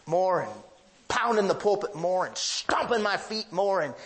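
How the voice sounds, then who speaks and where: This northern U.S. pastor's sermon has lively intonation, a moderate pace and a slightly bright tone. Emphatic and confessional, he tells stories from his own life, his voice swinging widely with sweeping pitch rises.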